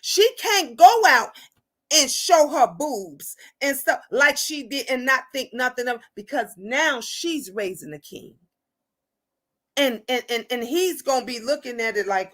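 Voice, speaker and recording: A woman's voice: high voice, lively intonation, a little slow, fairly bright tone. A middle-aged woman hosting a casual livestream chat with viewers, talking bluntly and animatedly, often tagging "okay?" onto her points. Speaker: livestream host.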